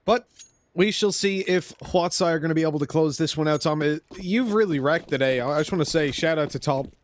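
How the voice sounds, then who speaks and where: A man's voice: on the high side, fairly quick. Joking male esports caster. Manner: joking, teasing, animated. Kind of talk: esports commentary banter.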